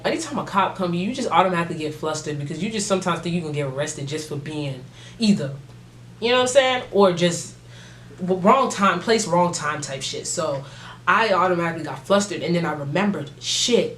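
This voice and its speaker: A young adult woman vlogger telling a casual story time, animated and full of slang and swearing. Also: fairly low pitch, a little hiss or hum. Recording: roomy echo.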